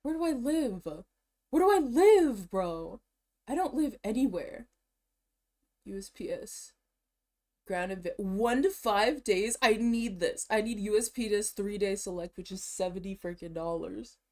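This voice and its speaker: A woman's voice: medium pitch, unhurried. Woman streamer rambling while she shops online, hyped, slangy, laughs a lot, kinda breathless. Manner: excitable, talks to herself, slangy, laughs often. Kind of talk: casual chat while browsing online.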